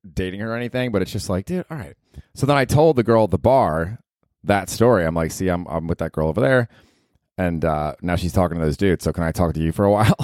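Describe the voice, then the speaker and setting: Laid-back, deep-voiced guy cracking up. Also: darkish tone, no room sound, clean studio sound. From United States. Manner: loose, profane, laughing, says dude a lot. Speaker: podcast host and stand-up comedian. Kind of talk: casual solo podcast storytelling.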